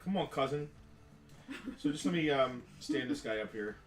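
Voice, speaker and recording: A man's voice: mid-range voice, expressive, moderate pace, faint music behind. A man co-hosting a live toy sale, chatting casually and explaining at length. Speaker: co-host and toy seller. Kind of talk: casual live-stream sales chat. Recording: echoey room, mic at a distance.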